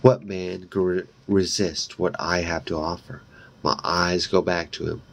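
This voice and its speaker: A man reads a horror novel aloud, taking his time over every line and dropping in brief asides of his own. His voice is low and gravelly, with a fry at the ends of phrases. He reads at a slow, deliberate pace. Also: flat delivery, fairly bright tone. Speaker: reader.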